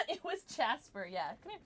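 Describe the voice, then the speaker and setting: A giggly young woman chatting with her stream viewers. Her voice sits a little high and swings widely, bubbly one moment and softly mumbling the next. She keeps up a casual, chatty flow with her audience. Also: sing-song, moderate pace, slight background noise. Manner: jumps between soft mumbles and loud squeals. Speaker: livestreamer. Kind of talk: casual live-stream chat.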